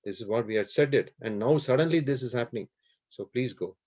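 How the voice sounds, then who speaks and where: A man voicing a calm, noble divine king who speaks softly and in a measured way. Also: mid-range voice, natural voice. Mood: concerned. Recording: dull lo-fi recording.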